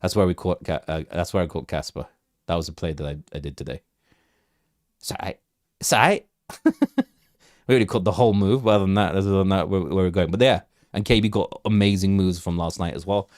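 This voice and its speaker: Rambling crypto livestream host, low dry voice. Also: male voice, fast talker, a little mellow, no room sound. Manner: rambling, repeats words, asks chat for questions. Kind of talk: casual live market commentary.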